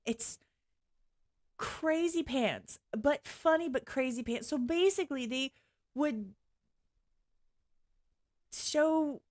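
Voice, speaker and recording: A middle-aged woman hosting a live-stream reaction, blunt and excitable, bursting into laughter often. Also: high voice, takes it slowly, pauses often.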